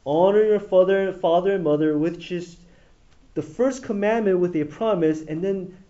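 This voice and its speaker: A man preaching a sermon in an animated way, asking the audience questions as he goes. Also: sits high, moderate pace, lo-fi sound.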